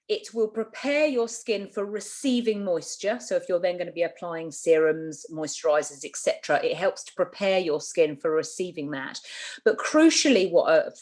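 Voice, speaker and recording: A woman from Britain with a slightly low voice runs a skincare training session. She talks in a chatty, emphatic way, stressing key points and going back over them so nobody misses them. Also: a little mellow. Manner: chatty, emphatic, repeats herself for clarity. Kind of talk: training talk.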